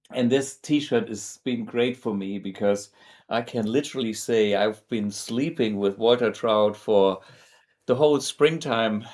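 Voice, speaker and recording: Slow, low-voiced German man hosting. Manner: relaxed, chatty, many fillers and restarts. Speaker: host. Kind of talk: casual talk to camera.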